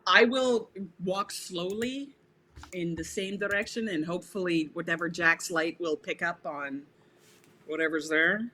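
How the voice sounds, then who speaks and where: A player in a tabletop game, talking in casual chat that is animated and full of jokes. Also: medium pitch, measured pace, slight background noise. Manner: animated, jokey.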